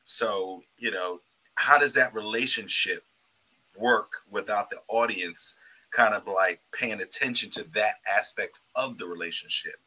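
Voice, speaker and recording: A man, an actor, speaking haltingly about his co-star in an interview. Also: lowish voice, pushed and bright, low-quality recording. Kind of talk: interview answers.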